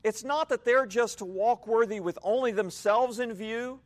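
High-voiced man preaching a measured sermon. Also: no echo. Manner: measured, teacherly, explains word by word. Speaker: pastor. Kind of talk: expository sermon.

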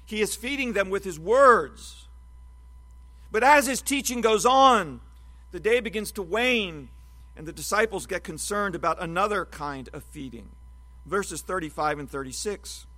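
A man preaching an expository Bible sermon, teaching in a measured, emphatic way. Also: high voice, animated, bright, forceful tone.

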